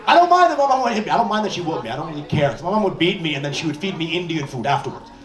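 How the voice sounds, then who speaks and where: A man doing stand-up comedy, telling animated stories with put-on voices in a comedy club. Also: on the high side, racing. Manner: animated storytelling with character voices. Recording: echoey distant club sound, loud crowd laughter.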